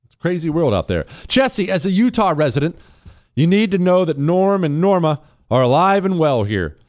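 A man's voice: fairly high pitch, normal speed. A man hosting a political talk show, reading listener messages and talking them through. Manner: animated, reads listener messages, mocking voices for quotes.

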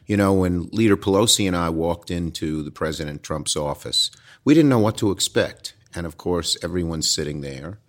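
Older Brooklyn man, very deep, blunt and emphatic in interview. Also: normal speed. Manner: direct, emphatic storytelling with quoted dialogue. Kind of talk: relaxed interview answers.

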